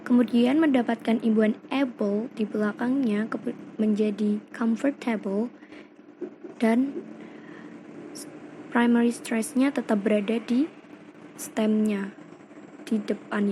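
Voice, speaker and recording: A woman's voice: fairly high pitch, a little mellow, a little hiss or hum, poor audio. A young woman with an Indonesian accent giving a class presentation as a student, explaining carefully and moving between English and Indonesian. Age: young adult.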